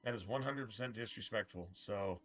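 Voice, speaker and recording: Guy ranting on his game stream, swears a lot, trips over his words, bright edgy voice, kinda muffled mic. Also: lowish voice, a little fast, faint music behind. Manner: profane, bitter, rambling with many restarts. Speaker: gaming streamer. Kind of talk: casual ranting commentary over gameplay.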